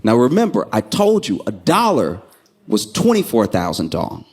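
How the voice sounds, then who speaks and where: Male stand-up comic, very lively pitch, punchy storytelling, jumps up to voice the people in his bits. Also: normal speed, husky. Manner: animated storytelling, acts out quoted people with sudden pitch jumps. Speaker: stand-up comedian. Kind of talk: stand-up comedy set.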